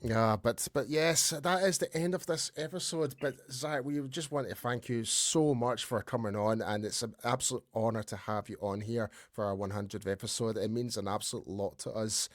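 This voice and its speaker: Enthusiastic podcast host. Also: male voice, on the low side, fairly even intonation, moderate pace, hardly any pauses, dry recording, studio quality. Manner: enthusiastic, stumbling restarts. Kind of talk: casual podcast chat and sign-off.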